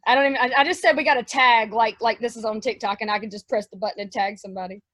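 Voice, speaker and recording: A woman talking as a guest in a casual interview, lively and chatty, jumping between topics. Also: a little high, racing, no room sound.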